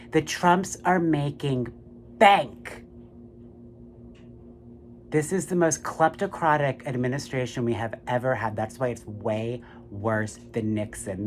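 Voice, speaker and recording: Over slight background noise, a somewhat high-voiced man launches into a political rant. Swearing freely, he stays animated and keeps addressing the listener with "my friends, right?"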